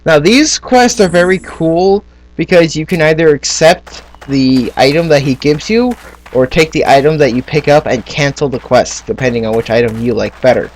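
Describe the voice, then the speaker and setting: A man's voice: fairly high pitch, normal speed. A man giving casual commentary as he plays a game, chatting and thinking aloud about what to do next. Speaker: gamer.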